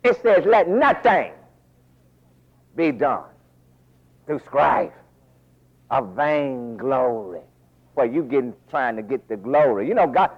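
Animated high-voiced preacher, lo-fi. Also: male voice, slightly rough. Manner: folksy, animated preaching with asides and laughs. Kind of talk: sermon.

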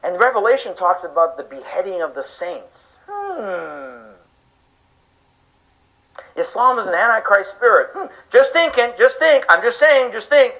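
High, bright-voiced emphatic male preacher. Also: lively intonation, normal speed, few pauses, rough recording. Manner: emphatic, rhetorical questions, acts out listeners' reactions. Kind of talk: sermon-style lecture to an audience.

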